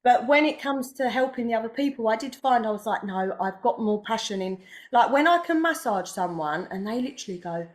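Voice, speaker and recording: A woman's voice: on the high side, expressive, a little fast, few pauses. A young woman, a podcast guest speaking enthusiastically in casual chat with many fillers. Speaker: guest, massage therapist.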